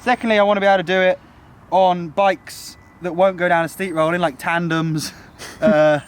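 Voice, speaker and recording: A man's voice: sits high, little pitch movement, normal speed, smooth. Enthusiastic young man outdoors, out of breath. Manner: enthusiastic, chatty. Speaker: vlogger. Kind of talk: casual vlog walkthrough. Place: outdoors at a building site.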